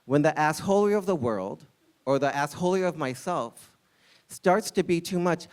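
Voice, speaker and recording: A man in his forties tells a personal story live, with a candid and wry comic touch. His voice sits a bit on the higher side, and his punchlines land with dry timing. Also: expressive, moderate pace, clear, resonant tone. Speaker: storyteller and restaurant server.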